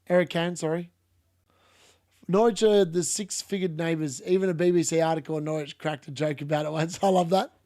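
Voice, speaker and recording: A man's voice: on the high side, a little mellow, dry recording, studio quality. A young man streaming a live football watchalong, chatting casually, laughing and reading out chat. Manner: casual, chatty, laughs often, uses "mate".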